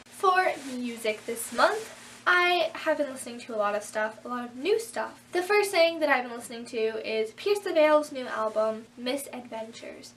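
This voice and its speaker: A teenage girl telling a story in a casual vlog, animated and acting out what people said. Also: normal speed, recorded from a distance, slight background noise. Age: teens. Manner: animated, acts out quotes with big pitch jumps. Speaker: vlogger.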